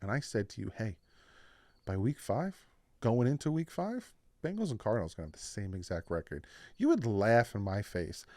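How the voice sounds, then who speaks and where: A man giving his weekly football picks in a casual, animated talk, jumping up in pitch and volume when something surprises him. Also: moderate pace, dry recording. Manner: animated, with sudden jumps in pitch and loudness. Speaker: sports picks YouTuber. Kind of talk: casual sports prediction talk.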